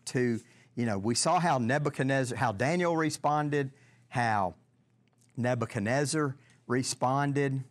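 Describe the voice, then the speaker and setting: A man teaching a Bible lesson in a conversational way, often repeating words and putting questions to his listeners. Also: mid-range voice. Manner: halting, repeats words, asks the audience questions.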